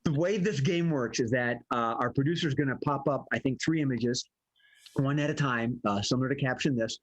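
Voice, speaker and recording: Husky-voiced man hosting improv. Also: mid-range voice, brisk. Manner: playful, jokey host patter. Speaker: improv host.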